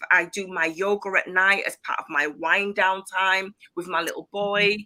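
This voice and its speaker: A middle-aged woman from Leeds, speaking as a guest in a casual interview, calm and reflective, with light giggles. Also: medium pitch, moderate pace. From Leeds, West Yorkshire, England.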